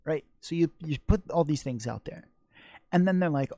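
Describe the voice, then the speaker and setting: A man's voice: fairly high pitch, expressive, normal speed, vocal fry, mellow, no room sound. A man hosting a casual live-stream Q&A on sex education, blunt and joking crudely.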